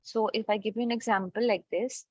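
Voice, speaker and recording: A woman's voice: fairly high pitch, steady tone, fairly quick, no room sound. Woman teaching an online language class. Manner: explains step by step with frequent "okay" checks. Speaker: French teacher. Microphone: video call. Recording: dull lo-fi online call audio.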